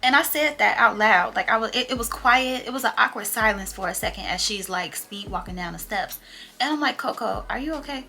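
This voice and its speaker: Bright-voiced young woman telling a wry story. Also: mid-range voice, a little fast, vocal fry, soft background music. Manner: animated, slangy, wry. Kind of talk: casual storytime chat.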